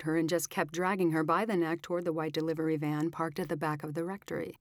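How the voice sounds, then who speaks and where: A woman with a notably low voice narrates an audiobook in a measured, dramatic way. The sound is close and dry, with no room echo. Her delivery stays steady and deliberate. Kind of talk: scripted narration.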